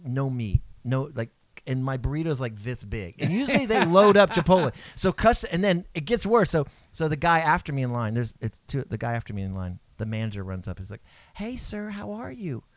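A man co-hosting a casual chat, telling stories with lively bursts of shouting. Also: mid-range voice, fairly quick, dry recording. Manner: animated storyteller, bursts into loud shouts. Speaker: co-host.

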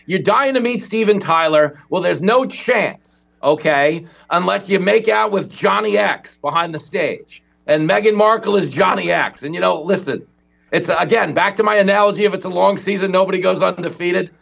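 A man as a comedian guest on a talk show, riffing with sarcastic deadpan jokes. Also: high voice, normal speed, creaky.

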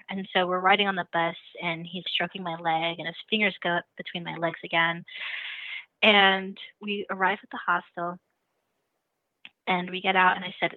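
A young adult woman calling in and telling a story in a casual, animated way, often laughing. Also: lowish voice, normal speed, no echo. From lives in the Netherlands. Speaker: caller. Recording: tinny phone line.

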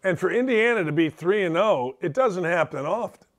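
High-voiced, emphatic sports talk host. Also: male voice, animated, moderate pace. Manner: theatrical, jokey, emphatic rants. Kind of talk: animated sports talk monologue. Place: home basement.

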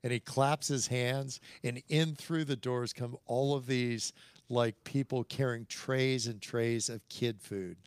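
A man's voice: medium pitch, takes it slowly, clear, resonant tone. A middle-aged man, a guest on a podcast, telling stories in casual conversation and acting out the voices in them. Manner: animated storyteller, acts out quoted dialogue, chuckles between lines.

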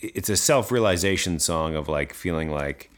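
A man co-hosting a casual podcast chat, relaxed and agreeable, mostly giving short replies. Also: deep voice, moderate pace. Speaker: podcast co-host.

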